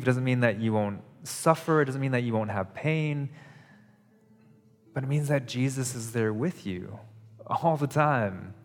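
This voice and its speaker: A male pastor preaching a sermon at a church service, in an earnest, conversational way that repeats its phrases for emphasis. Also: medium pitch. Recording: long hall reverb.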